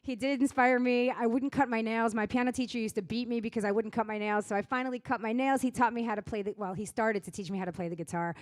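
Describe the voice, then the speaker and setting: A woman's voice: on the high side, steady tone, fast, hardly any pauses. A middle-aged woman with a Long Island accent, doing brash, profane stand-up and belting a comic song at a live venue. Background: guitar accompaniment.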